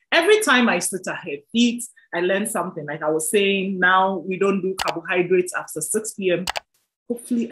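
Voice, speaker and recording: A woman's voice: on the low side, low-quality recording. Effusive woman host. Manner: effusive, devout and encouraging. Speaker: talk show host. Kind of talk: interview and outro to viewers.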